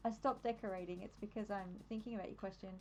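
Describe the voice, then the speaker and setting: A woman's voice: medium pitch, fairly even intonation, quick pace, a little mellow, rough recording. A young adult woman with an Australian accent, chatting casually on a live stream while decorating in a game, easily distracted and laughing often.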